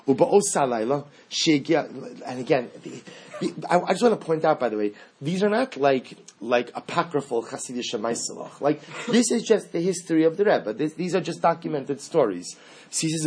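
A man's voice: medium pitch, a little mellow, slightly rough. A man teaching a class, reading a passage aloud in short bursts, then explaining it with earnest repetition. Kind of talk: text study lecture, reading and translating.

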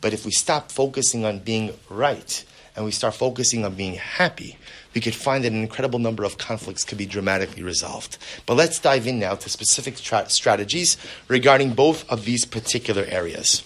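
A man's voice: fairly low pitch, brisk, a bit bright. A man, likely a rabbi, giving a spoken lecture on marriage, earnest and fond of rhetorical questions and repeated words.

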